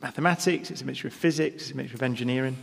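A man's voice: medium pitch, rapid-fire, creaky, breathy edge. A man hosting a radio panel show in a concert hall, with a wry, teasing manner. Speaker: host. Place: concert hall used as studio. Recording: long concert hall reverb.

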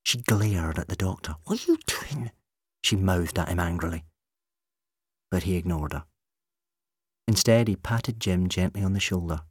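A man reads the story aloud in a very deep, husky voice, measured and steady. The sound is dry and close, with no room around it. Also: no echo. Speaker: audiobook narrator. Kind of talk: scripted narration.

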